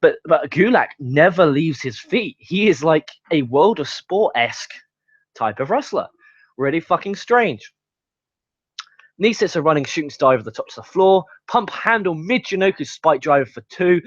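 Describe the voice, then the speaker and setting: A young man with a high voice, swearing freely as he recaps wrestling matches and goes off on rants. The sound is dry and a little dull, like a lo-fi home recording. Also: animated, moderate pace, dry recording. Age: young adult. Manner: profane, ranting, play-by-play recap. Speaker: wrestling show reviewer. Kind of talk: casual review monologue.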